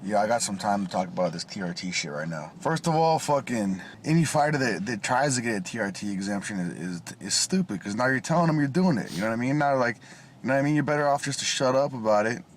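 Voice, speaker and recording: A man in a heated, profane rant, words tumbling out fast. His pitch sits in the ordinary middle range. A faint hum of room ambience lies under his voice. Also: expressive. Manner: fast, heated, swearing constantly. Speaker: vlogger in a played clip.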